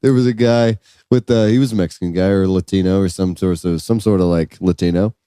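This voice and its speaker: Laughing storytelling comedian. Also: male voice, low-pitched, fairly even intonation, a little fast, dark tone, smooth, no room sound, studio quality. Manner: laughs often while telling stories. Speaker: comedian podcast co-host.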